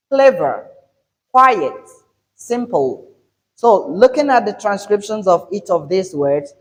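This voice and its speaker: A man with a fairly high voice leads a pronunciation lesson at an unhurried pace. He explains step by step, restates each point and hits the example words loudly. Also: rough recording. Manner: explains slowly and repeats points. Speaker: English teacher.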